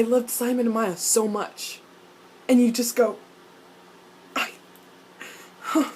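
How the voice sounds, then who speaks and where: Excitable swearing woman fan vlogger. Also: slow, pauses often, husky, low-quality recording. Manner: excited, swears often, jumps up in pitch and loudness. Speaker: vlogger reacting to a TV episode. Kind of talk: fan reaction rant.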